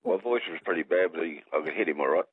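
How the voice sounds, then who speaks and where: Australian man, radio caller, low husky voice, rambling, jokey, tinny phone line. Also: fast talker. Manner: rambling, jokey, restarts a lot.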